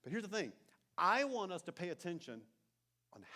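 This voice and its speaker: Lively, expressive pastor. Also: male voice, high-pitched, moderate pace. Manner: animated storytelling, often dropping to soft intense asides. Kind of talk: sermon. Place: church sanctuary.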